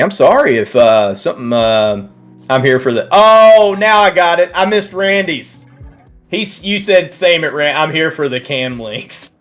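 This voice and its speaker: A man hosting a trading livestream, chatting casually and reading viewer comments aloud with lots of restarts. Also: on the high side. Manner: warm, rambling, reads chat aloud, many restarts. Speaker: livestream host.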